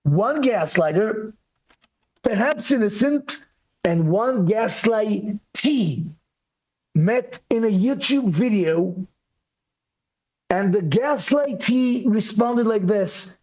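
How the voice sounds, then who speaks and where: A man talking in a casual debate chat on a video call, rambling and animated with apologetic asides, his voice worn from yelling. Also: high-pitched, slow. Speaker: guest on a live call-in show. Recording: dull lo-fi call audio.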